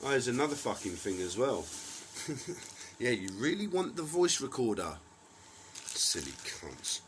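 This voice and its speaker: Man, angry profane rant, accusing, mid-pitched voice. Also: expressive, normal speed, a little hiss or hum, low-quality recording. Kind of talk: rambling monologue to camera.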